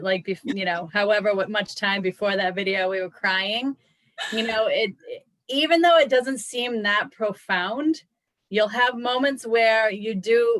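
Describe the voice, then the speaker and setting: A woman's voice: medium pitch, fairly bright tone, no room sound, low-quality recording. A woman co-hosting a casual chat about yoga, thoughtful, often restarting her sentences and saying "like". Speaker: yoga teacher co-host.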